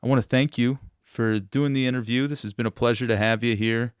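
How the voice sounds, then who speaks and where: A man's voice: mid-range voice, fairly even intonation, brisk, clean tone, no echo, clean studio sound. Playful mock-formal male podcast host. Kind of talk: interview.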